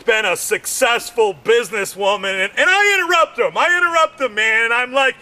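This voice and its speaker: A man's voice: lively intonation, a little fast, few pauses. A middle-aged man doing a rambling stand-up comedy monologue, full of fillers and theatrical acted-out quotes. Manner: rambling, repeats himself with many fillers; theatrical, acts out quotes in shouted high voices.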